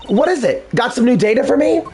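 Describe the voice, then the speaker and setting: A man voicing an excitable young woman who loves science, eager and chirpy, in a fan dub of a video game. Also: very high voice, brisk, faint music behind, voice pushed up.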